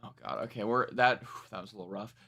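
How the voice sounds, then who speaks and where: A man's voice: lowish voice, big pitch swings, fast, vocal fry, loud music behind the voice. A young man reacting live to a new song, talking casually, rambling and correcting himself, frank and a bit profane. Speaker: music reaction streamer.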